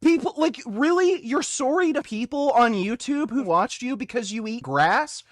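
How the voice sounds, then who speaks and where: A man hosting a livestream, ranting loudly and mockingly, swearing constantly as he reacts to a video. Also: extremely high pitch, expressive, normal speed, no echo, studio quality. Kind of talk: profane angry rant.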